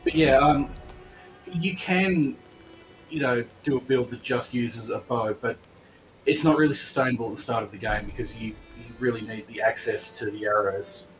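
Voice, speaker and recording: Calm mid-pitched man explaining game builds. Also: moderate pace, soft background music, low-quality recording. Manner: calm, explanatory, hesitant fillers. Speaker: co-host player. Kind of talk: casual gameplay chat.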